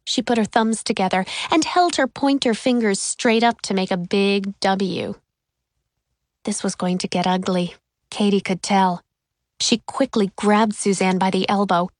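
A woman reading a children's chapter book aloud as audiobook narrator in clear, even storytelling. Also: medium pitch, a little slow, no room sound, clean studio sound. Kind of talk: scripted narration.

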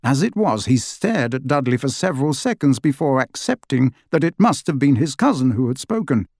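A man narrating an audiobook in an expressive storytelling manner, close to the mic. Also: medium pitch, normal speed, dry recording. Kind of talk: scripted narration.

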